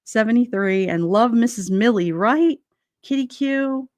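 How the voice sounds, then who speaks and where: A woman's voice: a little high, unhurried, a little mellow, no room sound. A woman from Brooklyn, hosting a casual livestream chat, reading viewer comments and laughing often between many fillers. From Brooklyn, New York. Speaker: livestream host. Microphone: headset mic with headphones.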